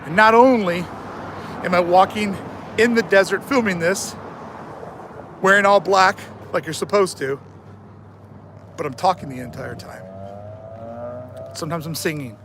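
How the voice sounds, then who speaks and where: A man's voice: high voice, unhurried, long pauses, a bit bright. Joking man streaming a walk outdoors. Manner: joking, self-mocking, mock-motivational. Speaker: live streamer. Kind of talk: live-streamed walking vlog. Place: outdoors on a desert sidewalk, walking. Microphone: phone held in hand. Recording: wind and traffic noise outdoors.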